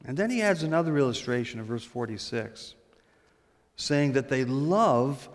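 A man's voice: medium pitch, expressive, moderate pace. Male preacher, humorous storyteller, mid voice; church recording with long reverb. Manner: storytelling, humorous, drops to a hush for emphasis. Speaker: pastor. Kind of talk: sermon.

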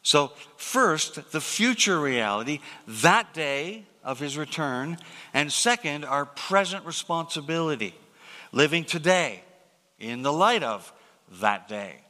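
Male pastor, sermon. Slow, deliberate delivery, long hall reverb. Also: a little high, sing-song, pushed and bright. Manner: measured, deliberate preaching with rhetorical questions.

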